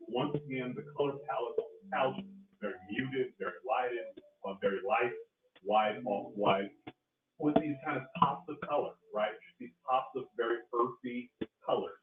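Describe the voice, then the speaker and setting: A man hosting a casual livestream, talking in a relaxed, rambling way and often tagging "right?" onto what he says. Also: medium pitch, moderate pace. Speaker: host. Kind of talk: casual livestream commentary while eating. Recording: echoey, distant, phone-like with loud noise.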